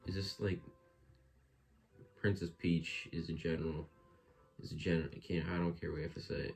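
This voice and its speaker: A man's voice: sits low, steady tone, moderate pace, long pauses, darkish tone. A man giving joking, offhand commentary while playing a video game. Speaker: let's play host.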